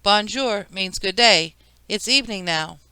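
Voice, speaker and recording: A woman's voice: mid-range voice, unhurried, pushed and bright, smooth, dry recording. A woman reading an audiobook, voicing a bossy teenage girl who corrects the others.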